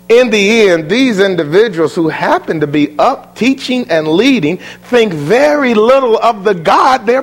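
A man preaching a sermon, emphatic, swinging from booming lines to quiet ones.

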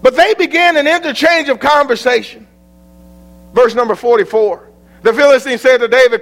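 A man's voice: extremely high pitch, normal speed, a bit bright, rough recording. A man with an American accent preaching a sermon, telling the story in a dramatic, folksy way.

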